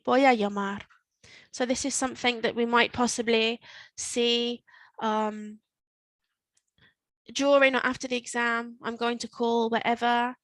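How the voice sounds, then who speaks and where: A woman teaching Spanish to learners, repeating phrases slowly and explaining them step by step. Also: on the high side, flat delivery, fairly bright tone, no room sound, rough recording. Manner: slow, careful modelling of Spanish phrases. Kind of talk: recorded language lesson.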